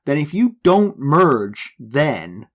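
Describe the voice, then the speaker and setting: A man's voice: on the high side, big pitch swings, slow pace. A man co-hosting a podcast, teasing his partner with wry banter in casual chat. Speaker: podcast co-host.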